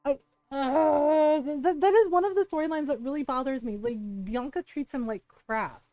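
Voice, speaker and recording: A woman streams a game and rants at its characters, swearing freely in mock outrage. Her voice sits high and sounds close and dry. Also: normal speed, dark tone, no room sound, dull audio, soft background music. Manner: profane, ranting, mock-outraged. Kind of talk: casual game-stream commentary.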